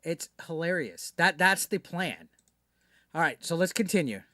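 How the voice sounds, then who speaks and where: Brash, bright-voiced streamer man ranting. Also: on the high side, expressive, moderate pace, no echo, clean studio sound. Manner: brash, profane, mocking rant to chat. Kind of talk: live-stream commentary.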